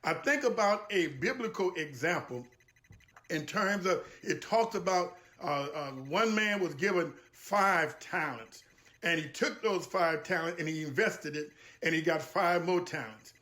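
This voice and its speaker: High-voiced emphatic man giving a motivational talk. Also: animated, a little slow, bright, forceful tone. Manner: preacherly, emphatic, repeats phrases. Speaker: guest speaker.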